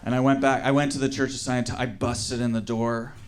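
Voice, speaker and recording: A man doing a stand-up comedy set, telling a story in an animated way and acting out the people in it. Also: medium pitch, fast. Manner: animated storytelling with acted-out quotes. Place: comedy show with live audience.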